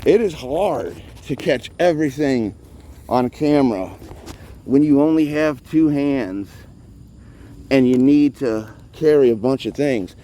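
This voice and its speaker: Filming street cats outdoors on a handheld phone, a vlogger who cares for them narrates casually and rambles, a bit out of breath. His medium-pitched voice is animated, unhurried, and mellow, with a little hiss or hum in the recording.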